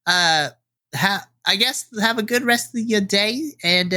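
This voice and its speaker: A man's voice: high-pitched, pushed and bright, no room sound, studio quality, pitched above the performer's own voice, full character voice. A man voicing a friendly woman diner waitress who calls people sweetheart.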